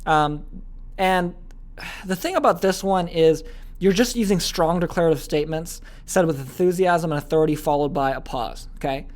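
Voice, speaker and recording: A man teaching a sales training lesson, energetic and often checking in with "okay?". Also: fairly high pitch, moderate pace. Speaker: business coach.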